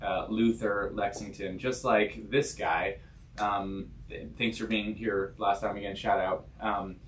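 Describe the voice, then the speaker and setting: A man's voice: fairly low pitch, level tone, measured pace, a little hiss or hum. A male podcast host chatting casually in an upbeat, joking way.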